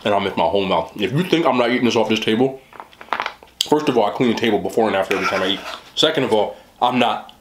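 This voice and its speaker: A man's voice: fairly low pitch, quick pace, reverberant, background noise. A man hosting a casual eating vlog, chatting with his mouth full about the food. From West Indian family. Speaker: mukbang host.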